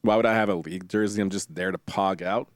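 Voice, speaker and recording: A man's voice: deep voice, fast, dry recording, studio quality. A man casually playing a strategy game on stream, reading tutorial text aloud and joking with viewers in a playful way. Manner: playful, jokey, chats with viewers, bursts of excited exclamations.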